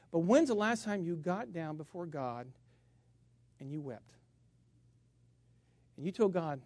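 Man, middle-aged, pastor, sermon, high-pitched, dramatic loud-soft swings, acts out anecdotes. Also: unhurried, pauses often. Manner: dramatic swings from hushed to shouting; acts out funny stories with voices.

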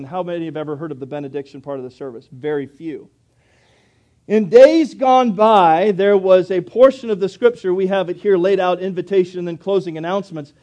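A preacher delivers his sermon in a high but mellow male voice. He explains scripture earnestly, leaning into key phrases with emphasis. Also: lo-fi sound.

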